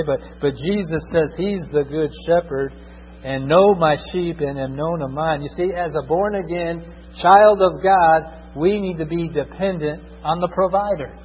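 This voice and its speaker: A pastor preaches a sermon emphatically, often checking in with his congregation. His voice is a little high, and the dull, echoing hall recording carries a little hiss or hum.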